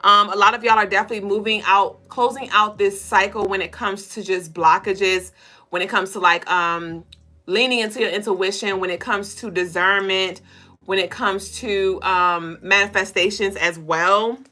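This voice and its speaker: A woman hosting a casual spiritual reading livestream, talking straight to viewers in a loose, profane, animated way. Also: medium pitch, normal speed. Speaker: spiritual reader and co-host.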